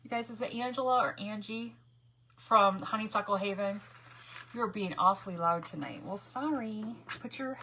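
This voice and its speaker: A woman's voice: medium pitch, measured pace, a bit bright, breathy edge. A woman hosting a casual live crafting stream, chatty and laughing often as she greets viewers by name. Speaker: craft livestream host.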